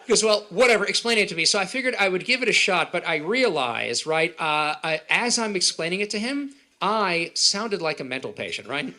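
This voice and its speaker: A male comedian rattles through his stand-up set at a quick clip, with a bright, forceful voice that sits a little high for a man. He keeps the audience involved, firing questions at them between jokes. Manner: rapid, animated, quizzing the audience. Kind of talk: stand-up comedy at a live event. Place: event hall with an audience.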